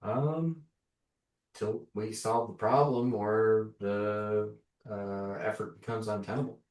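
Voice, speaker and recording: Relaxed man running a tabletop game. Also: on the low side, slow. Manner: relaxed, with frequent fillers. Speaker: game master. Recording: roomy sound from a distant mic.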